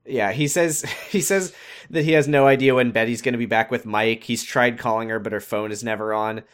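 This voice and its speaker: A man co-hosting a casual podcast, recapping a show's scenes with quick quoted voices and frequent laughs. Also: medium pitch, steady tone, clean tone. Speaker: podcast co-host.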